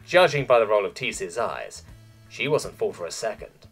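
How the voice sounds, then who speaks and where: A man narrating a science fiction story in an expressive storytelling way. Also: fairly low pitch, normal speed, slightly rough, soft background music. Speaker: audiobook narrator.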